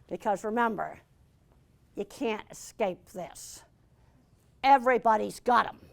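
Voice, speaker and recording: A woman's voice: fairly high pitch, gravelly. An older woman giving a blunt, emphatic lecture with slides, repeating her key points. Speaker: animal science lecturer.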